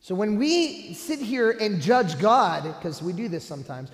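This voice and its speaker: High-voiced man preaching in an echoing church. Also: very animated, a little slow, few pauses. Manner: emphatic preaching, rhetorical questions to the congregation. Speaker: priest. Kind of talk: sermon. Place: church sanctuary. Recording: roomy church echo with long reverb.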